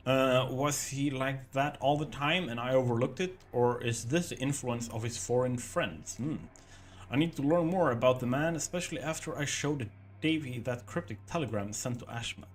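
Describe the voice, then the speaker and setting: A man's voice: medium pitch, moderate pace. Jokey man streaming a horror game. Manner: jokey, exclamatory asides. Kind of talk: casual gameplay commentary.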